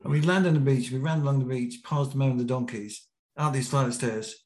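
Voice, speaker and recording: A British man, a podcast guest, telling a lively anecdote and acting out the quotes. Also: mid-range voice, fast. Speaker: podcast guest, BASE jumper. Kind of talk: storytelling in an interview. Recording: roomy echo.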